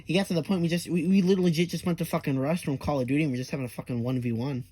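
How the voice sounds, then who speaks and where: A man's voice: a little high, fairly even intonation, racing, warm tone, breathy edge, no room sound. A young man telling an absurd comedic story, rambling, with lots of fillers and swearing. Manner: absurd tall tale told half-seriously.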